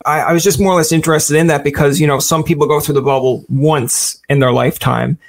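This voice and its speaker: A male host chats casually with his guest, playful and quick to joke. His voice sits fairly high for a man, and his sentences ramble loosely with frequent fillers. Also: fairly even intonation, vocal fry. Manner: playful, jokey, rambling with lots of "like". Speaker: podcast host. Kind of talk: casual chat interview.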